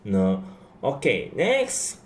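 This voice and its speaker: A man teaching a language lesson at an unhurried pace. His pitch rises and falls a lot as he stresses points. He repeats phrases and checks in with the class again and again. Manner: lively rising and falling pitch. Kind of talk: slow classroom explanation.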